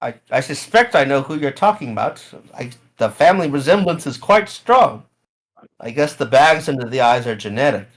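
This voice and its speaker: A man's voice: mid-range voice, expressive, normal speed, natural voice, low-quality recording. A man voicing a genteel, talkative elderly woman traveler in a tabletop game. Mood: gracious.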